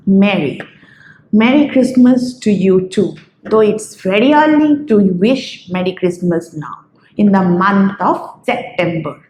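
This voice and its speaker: A woman hosting an English vocabulary lesson, listing words one by one in a slow, deliberate way. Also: a little high, darkish tone, echoey room, rough recording. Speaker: English teacher, channel host.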